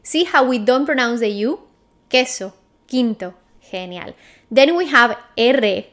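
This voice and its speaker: A woman with a Spanish accent teaching a clear, patient pronunciation lesson. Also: fairly high pitch, animated, a little slow, a bit bright. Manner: clear, patient, checks in with "okay?".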